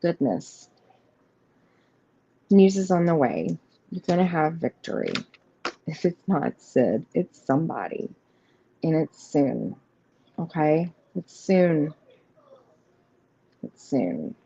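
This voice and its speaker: Low-pitched and warm with a breathy edge and vocal fry, this woman's voice swings widely in pitch at a slow pace with long pauses. Hosting a live tarot reading, she rambles casually through the cards, using many fillers and speaking straight to viewers to reassure them. Her stream audio is slightly muffled, with faint noise.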